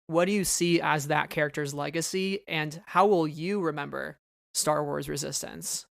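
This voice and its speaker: A man's voice: a little high, moderate pace, gravelly, fairly bright tone, dry recording, studio quality. A man hosting a fan podcast interview, talking enthusiastically while stumbling over repeated words. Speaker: podcast host. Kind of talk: casual interview.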